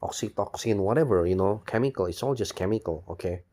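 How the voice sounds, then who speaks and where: Man, deep voice, rambling vlog monologue, cynical, swears, repeats himself. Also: quick pace, mellow. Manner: rambling, repeats words, says "you know" constantly, swears; bitter, cynical. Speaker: video blogger.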